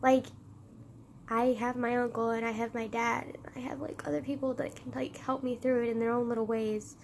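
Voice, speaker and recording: A woman's voice: on the high side, little pitch movement, fairly quick, gravelly, a little mellow, a little hiss or hum. A woman vlogger talking in an emotional confessional, teary and laughing through tears, rambling with constant fillers.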